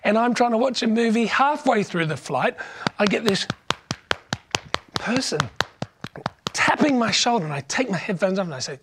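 A man's voice: high voice, lively intonation, normal speed, long pauses, background noise. A man preaching a sermon, conversational and humorous as he tells a personal story. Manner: conversational and humorous, frequent restarts.

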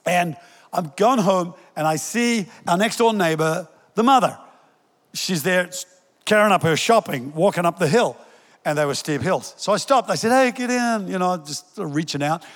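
A man's voice: sits high, normal speed, a bit bright, in a large hall. An older male pastor giving a sermon in a conversational way, joking with the congregation and telling stories. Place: church hall.

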